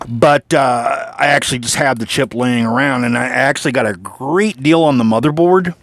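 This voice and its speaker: A man's voice: mid-range voice, normal speed, no room sound. Rambling man walking through his PC build. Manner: rambling, filler-heavy, frequent restarts and mild swearing. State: has the hiccups. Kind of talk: casual hands-on build walkthrough.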